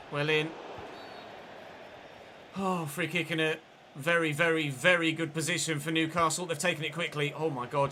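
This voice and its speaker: Male streamer, sharp bright tone, slightly raised pitch, faint ambience underneath, calls the play and swears when it goes wrong. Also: a little hiss or hum. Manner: running play-by-play, swearing and frustrated outbursts. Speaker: gaming streamer. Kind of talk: live gameplay commentary.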